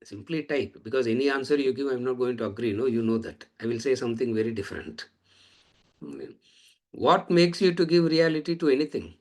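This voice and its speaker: A man's voice: mid-range voice, fairly quick. A man teaching a lecture on scripture, repeating phrases and asking rhetorical questions. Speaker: Vedanta teacher.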